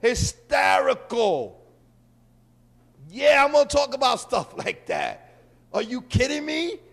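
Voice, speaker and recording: A man from Puerto Rico hosting a show, delivering a brash, joking monologue with loud bursts. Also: very high voice, wildly swooping pitch, slow, creaky. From Puerto Rican. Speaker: host. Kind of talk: stand-up style monologue.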